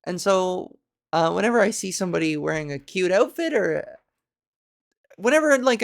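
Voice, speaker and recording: A woman podcast host and comedian recounts a story in a casual, chatty way, with vocal fry and large, lively shifts in pitch.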